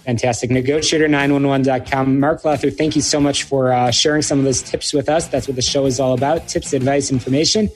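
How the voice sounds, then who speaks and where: A man's voice: mid-range voice, fairly even intonation, a little fast, few pauses, faint music behind. A male business show host running a radio interview in a conversational way, with frequent filler hesitations.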